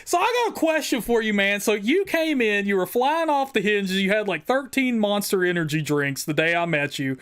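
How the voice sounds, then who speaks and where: A man from West Virginia, hosting a live stream in a casual, joking, excitable way. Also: high voice, normal speed, few pauses, clean tone. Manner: excitable, joking, swears freely. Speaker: host.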